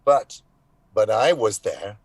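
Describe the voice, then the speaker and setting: Speaking as a voice actor guest over an online live call, a man answers interview questions with a fairly low, lively voice that is slow, creaky and edged with breath. He tells his story reflectively, breaking into emphatic bursts with sudden swings in loudness, and there's no room sound.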